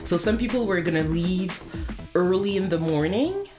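A woman with a French Canadian accent, telling a family road-trip memory in casual chat, halting with many fillers and restarts. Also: fairly low pitch, lively intonation, music in the background. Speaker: storyteller. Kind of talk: casual conversational storytelling.

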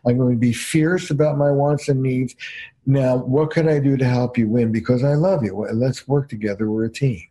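An older man from New Jersey, a couples therapist, telling stories in an animated, emphatic way in a casual podcast chat. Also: medium pitch, normal speed.

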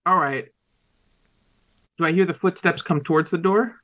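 Brief: male player, casual and profane, bright tone, highish voice. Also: quick pace. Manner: loose and animated, swears and laughs easily. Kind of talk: casual tabletop game chat.

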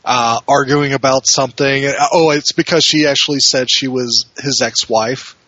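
A man's voice: medium pitch, fairly even intonation, moderate pace, bright, forceful tone, no echo, highs cut off. A man co-hosting a podcast, rambling casually with plenty of fillers. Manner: loose and rambling, with many fillers and laughs. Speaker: podcast co-host.

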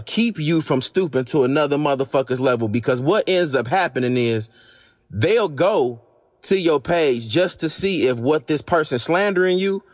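Hoarse and fading because he's losing his voice, a male podcast host with a slightly high pitch rants through a blunt, exasperated monologue full of profanity.

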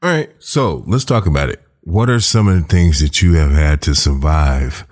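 A man hosting a podcast interview, calm and affirming toward his guest. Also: very deep voice, moderate pace. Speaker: podcast host.

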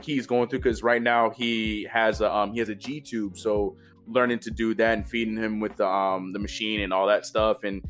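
A man co-hosting a casual podcast chat, talking about home life with many quick restarts. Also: fairly low pitch, little pitch movement, fairly bright tone, faint music behind. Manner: fast-talking, restarts while explaining. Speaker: podcast co-host.

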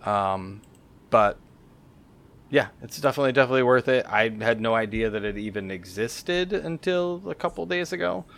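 His medium-pitched voice is gravelly, fairly bright, and animated, moving at normal speed. He's a podcast co-host casually chatting about a game he found, rambling a little with fillers and self-corrections.

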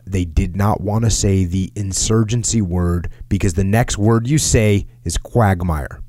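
A middle-aged man in a casual podcast talk, reading from an article and acting out quotes with lively jumps in pitch. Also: dry recording. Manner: animated storyteller, acts out quotes in a raised pitch. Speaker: podcast host.

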